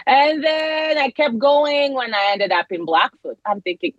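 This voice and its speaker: A middle-aged woman from Kenya, a podcast guest, telling her story in an animated way with frequent laughter. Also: high voice, unhurried, dry recording, lo-fi sound. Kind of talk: casual interview conversation.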